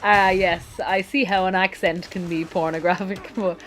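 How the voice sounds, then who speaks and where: An Irish woman in a casual let's-play chat, talking freely and often jumping up in pitch. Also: fairly even intonation, moderate pace.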